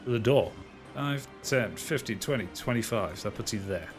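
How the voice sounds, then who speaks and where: A man's voice: fairly low pitch, animated, normal speed, faint music behind. A man narrating as dungeon master, stumbling and repeating words as he describes the action. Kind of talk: narrating a tabletop game.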